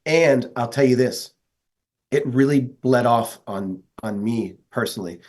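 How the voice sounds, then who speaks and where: A man's voice: medium pitch, a little slow, a little mellow. A man from the northeastern United States speaks as an interview guest. He tells stories in an earnest, enthusiastic way, and his voice sits in a middle register. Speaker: guest, metal vocalist. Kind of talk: casual interview chat.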